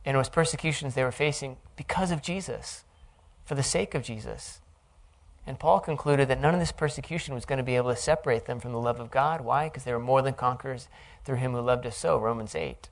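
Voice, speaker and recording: A Bible teacher preaches earnestly and reflectively, working through the text line by line in a thoughtful teaching tone. His middle-pitched voice carries a noticeable gravelly fry, and he speaks fairly quickly.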